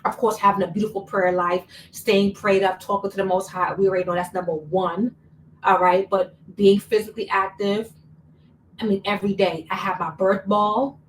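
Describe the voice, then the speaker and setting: A young woman tells her story in a relaxed, chatty vlog style and leans on repeated words for emphasis. She sits a little away from the microphone. A faint background hiss runs under her voice. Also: medium pitch, normal speed. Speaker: vlogger. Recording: slightly distant mic, faint room noise.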